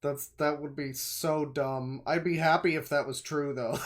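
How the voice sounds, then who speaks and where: Male streamer, sarcastic rambling reaction commentary, swears, a bit high. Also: steady tone, measured pace.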